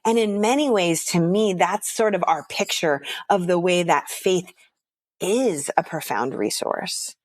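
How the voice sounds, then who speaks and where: A woman therapist speaking as a podcast guest, gentle and reflective in her unhurried manner. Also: lowish voice, no room sound. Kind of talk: podcast interview.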